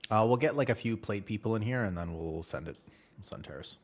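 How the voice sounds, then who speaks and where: Low, lively-voiced man in his twenties. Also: a little fast. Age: 20s. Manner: rambling, joking with chat. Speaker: game streamer. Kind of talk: casual live-stream chat.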